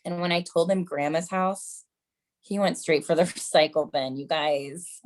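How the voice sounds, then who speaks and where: With a low-pitched voice and a measured pace, a woman in her thirties performs stand-up. She's a chatty comedian whose self-mocking mom jokes often include calling the crowd "you guys."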